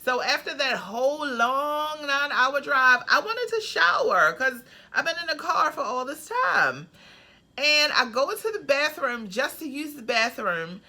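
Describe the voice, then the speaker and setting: A woman who works as a travel nurse, telling a story in a casual vlog in an expressive, slangy, dramatic way. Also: sits high, unhurried.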